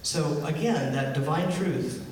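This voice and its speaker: Heard from a distance in a large, echoing church hall, a male minister delivers a sermon in a fairly high, slightly mellow voice at a slow pace. He keeps it conversational, putting questions to the congregation. A faint hiss or hum sits under the recording.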